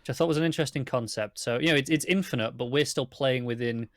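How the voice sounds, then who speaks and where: A man's voice: mid-range voice, quick pace, dry recording, studio quality. A man with a British accent chatting casually as co-host of a TV review show, agreeable and thinking aloud. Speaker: podcast co-host.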